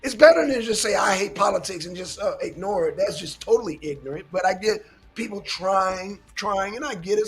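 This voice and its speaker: A man's voice: sits high, animated, fairly quick, soft background music. A man hosting a casual political commentary show, lecturing his listeners emphatically and swearing often.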